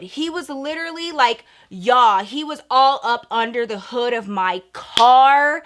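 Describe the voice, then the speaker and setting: A woman's voice: fairly high pitch, expressive, a little slow, few pauses, a bit bright. A woman vlogger telling a story in a casual, profane, chatty way, talking straight to her viewers.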